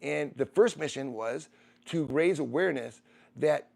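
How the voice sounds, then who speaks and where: A man's voice: a little high, measured pace, gravelly, a little mellow. A middle-aged man who streams, telling a personal story in a rambling way, restarting and repeating phrases.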